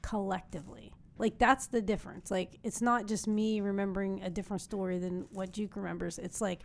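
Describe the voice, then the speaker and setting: A woman's voice: mid-range voice, steady tone, brisk, creaky. A middle-aged woman co-hosting a podcast, explaining things in a chatty, amused way. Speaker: podcast co-host. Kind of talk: casual conversational chat.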